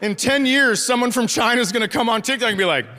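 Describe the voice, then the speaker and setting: A man's voice: very high-pitched, fast. A middle-aged man doing a stand-up comedy set, telling sarcastic stories about his family and acting them out. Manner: sarcastic storytelling, acts out family members. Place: theater stage. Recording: live venue with loud audience laughter.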